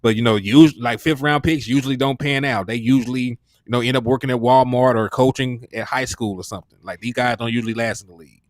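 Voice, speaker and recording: A man with a mid-pitched voice co-hosts a casual sports talk show, breaking down draft picks in an easygoing, rambling way. His voice is recorded close and dry, with no room sound around it. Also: fairly even intonation, fast, no echo. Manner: easygoing, chatty, full of fillers.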